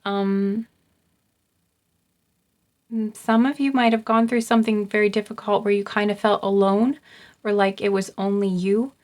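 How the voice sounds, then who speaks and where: Giving an intuitive card reading to her viewers, a young woman tarot reader speaks softly and haltingly, restarting sentences, repeating herself, and filling pauses with plenty of ums. Her pitch stays level and even, and she is getting choked up.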